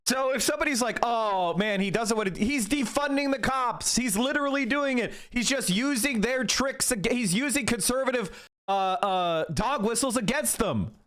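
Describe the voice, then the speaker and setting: A man's voice: very high voice, normal speed, fairly bright tone. A man streaming live political commentary, heated and profane, berating his chat.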